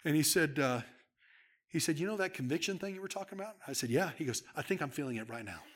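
Bright-voiced preacher swinging hushed to loud. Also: male voice, on the high side, animated, fast. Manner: storytelling, swings from hushed to shouting. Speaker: pastor. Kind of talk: sermon.

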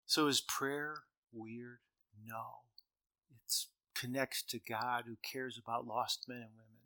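A middle-aged male preacher with a bright, forward tone delivers a sermon to a large gathering. He tells his stories with strong swings in loudness, pushing some lines out and dropping others almost to a murmur. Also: mid-range voice, fairly even intonation, slow pace. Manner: storytelling with shifts between loud emphasis and quiet.

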